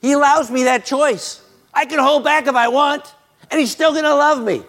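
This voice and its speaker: A middle-aged man preaching a sermon, earnest, restarting words often and rising to loud, excited peaks. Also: extremely high pitch, moderate pace. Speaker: pastor.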